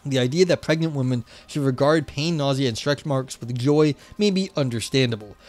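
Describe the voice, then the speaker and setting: A man's voice: medium pitch, fairly quick, a little mellow, soft background music. A man with a New York accent, hosting a livestream, reading an academic paper aloud and then chatting loosely with lots of fillers. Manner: reads academic text then chats loosely with many fillers.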